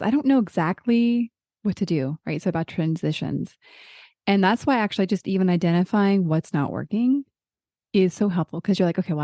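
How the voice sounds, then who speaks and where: A woman's voice: fairly low pitch, warm tone, no echo, clean studio sound. A middle-aged woman hosting a group discussion, talking in a chatty, encouraging way and thinking aloud as she goes. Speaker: podcast host leading a group call.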